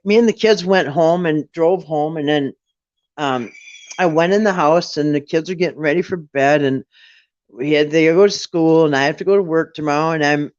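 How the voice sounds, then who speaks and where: The sound is dry, dull and lo-fi as a middle-aged man with a voice on the high side shares a personal story on a late-night chat. He rambles casually, often starting over and voicing what he was thinking at the time.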